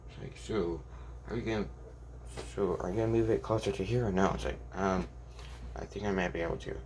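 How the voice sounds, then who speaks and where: A young man with a low, deep voice tells a fan-made story off the cuff. He rambles, backtracks and keeps quoting the characters' lines in his own everyday voice. Faint ambient noise sits behind him. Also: steady tone, a little fast, darkish tone. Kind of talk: improvised fan story narration.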